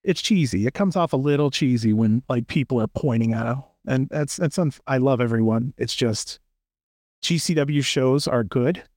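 A man's voice: mid-range voice, normal speed, darkish tone, no room sound, studio quality. Opinionated man ranting on a podcast. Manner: opinionated, rambling, acts out quotes. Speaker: podcast co-host. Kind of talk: casual podcast chat.

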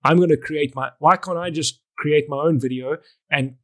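A man's voice: on the high side, normal speed. A middle-aged man, a wedding photographer and educator, telling stories in an interview and acting out the conversations he recalls. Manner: animated, acts out conversations, frequent restarts. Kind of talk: storytelling in a podcast interview.

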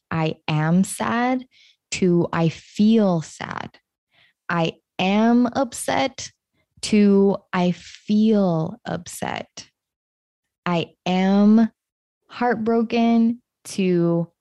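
A woman hosting her own podcast, speaking in a reflective, unhurried way with gentle stresses. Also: low-pitched, no room sound. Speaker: podcast host. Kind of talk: solo podcast monologue.

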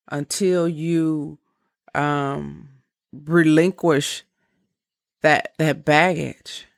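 A woman of about fifty talks through relationship advice in a slow, blunt, candid way and swears freely. Her voice is gravelly with a rough fry. The sound is dry and close. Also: sits low, no room sound. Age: around 50. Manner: blunt, profane, candid with laughing asides. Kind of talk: casual advice monologue.

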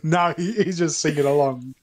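A man's voice: a little high, normal speed. Dry-witted man guesting on a podcast. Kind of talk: casual film chat.

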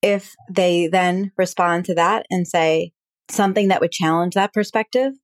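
A woman hosting an advice podcast as a relationship coach, talking calmly and plainly through examples. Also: on the low side, moderate pace, no echo, studio quality. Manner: calm, explanatory, acts out example dialogue.

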